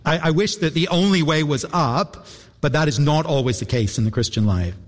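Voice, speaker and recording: Earnest preacher man in a reverberant hall. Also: on the high side. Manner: earnest, reflective, with repetitions and dramatic pauses. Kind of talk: sermon.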